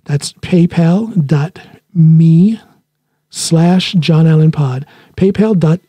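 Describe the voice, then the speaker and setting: Husky dark-voiced man chatting on his podcast. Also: on the high side, slow pace, no echo. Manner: rambling, chatty, laughs at himself. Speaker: podcast host. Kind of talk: casual solo podcast monologue. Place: living in Norway.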